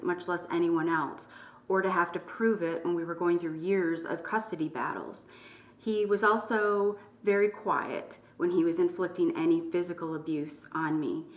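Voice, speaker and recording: Soft-spoken woman in an echoey room. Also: on the low side, recorded from a distance. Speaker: YouTube channel host. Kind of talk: personal testimony, partly reading from her book.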